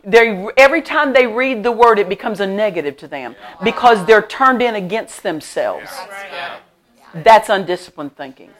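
A middle-aged woman pastor preaching a sermon at a church service. She tells stories with lively emphasis, laughs often, and repeats her key phrases. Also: medium pitch. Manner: animated storytelling with frequent laughter.

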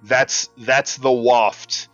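A man runs a tabletop game in a relaxed, hesitant manner. His voice sits at a middle pitch, and the recording is slightly dull. Faint music plays behind. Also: extremely slow. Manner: relaxed, hesitant narration with fillers. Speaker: game master.

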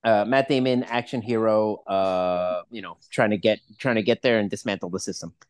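A man's voice: on the low side, moderate pace, smooth, no room sound. A man co-hosting a podcast, chatting loosely, with frequent swearing and rambling restarts. He sits in a mid range, recorded close and dry with no room sound. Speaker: podcast co-host. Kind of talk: casual chat.

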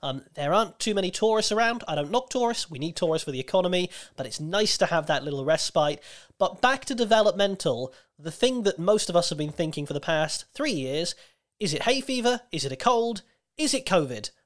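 A man hosting a casual chat show, his voice slightly croaky, chatty and self-deprecating. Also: sits high, expressive, brisk. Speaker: podcast host.

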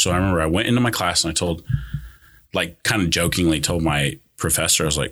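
A man's voice: deep voice, fairly even intonation, quick pace, sharp tone. A young man telling a personal story in casual chat, rambling with many fillers and restarts. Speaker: guest.

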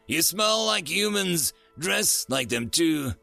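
Man doing a snarling, arrogant fanged alien noble, high and lively, gravelly edge. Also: slow pace, no echo, soft background music, exaggerated voice. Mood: sneering. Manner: sneering, snarling taunts.

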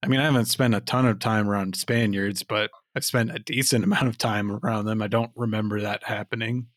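Low-voiced man in casual chat. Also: fairly even intonation, fairly quick, a bit bright, dry recording, studio quality. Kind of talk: casual film podcast chat.

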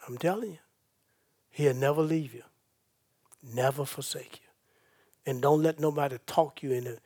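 A pastor delivers his sermon in a somewhat high voice. He swings from loud, excited bursts to soft, intimate reassurance. He speaks in a folksy, conversational way, straight to his congregation. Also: moderate pace, pauses often, slightly rough. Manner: dramatic swings from loud preaching to soft comforting.

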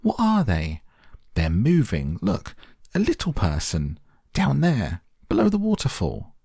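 A man voicing a spoiled young girl in an audiobook, screeching in a high, frantic voice. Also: wildly swooping pitch, measured pace, gravelly, mellow, husky, no echo, studio quality, full character voice. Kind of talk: audiobook character voice.

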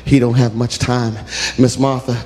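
A preacher voicing a grave male doctor who speaks in a solemn, measured way. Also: medium pitch, flat delivery, warm tone, voice pushed down, natural voice.

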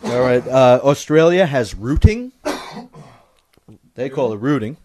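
A man's voice: mid-range voice, big pitch swings, slow, mellow, a little hiss or hum. A man hosting a crude comedy podcast, reading items off a list and adding wisecracks.

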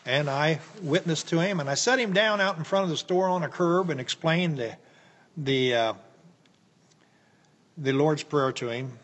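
A man's voice: a little high, normal speed, fairly bright tone. An older American man telling personal stories in a folksy, rambling way, with many fillers and restarts. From United States. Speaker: interview guest. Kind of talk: personal storytelling. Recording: echoey room with long reverb.

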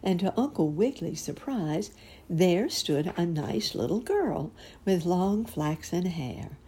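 A woman reading a children's storybook aloud, slowly and expressively. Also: on the low side, breathy edge. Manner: slow, expressive.

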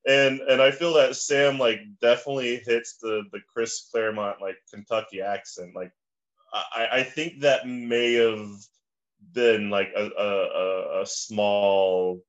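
Guy rambling on a podcast, kinda low voice, audio a bit dull. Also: steady tone, measured pace. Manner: rambling, lots of "like" and restarts. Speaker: podcast guest. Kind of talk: casual podcast chat.

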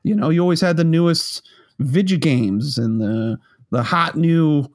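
A man's voice: on the high side, a little slow, a little mellow. A man co-hosting a casual podcast chat, rambling with many restarts and frequent laughter. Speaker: podcast co-host.

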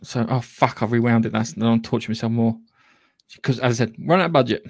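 Gravelly sweary podcast host. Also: male voice, medium pitch, brisk, dry recording. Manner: sweary, rambling, animated. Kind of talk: casual chat.

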